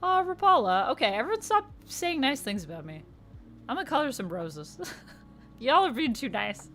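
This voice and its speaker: A young Canadian woman streaming casually, reading viewer comments aloud and answering them warmly. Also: a little high, big pitch swings, normal speed. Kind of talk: casual livestream chat.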